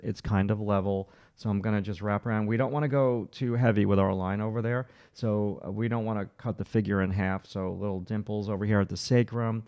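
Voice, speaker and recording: Male drawing instructor, livestream, running commentary, clean resonant voice with some fry, dry close mic. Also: lowish voice, warm tone, dry recording, muffled recording. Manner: talks through each stroke in short, encouraging bursts. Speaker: art instructor. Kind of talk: livestream drawing lesson, thinking aloud while sketching.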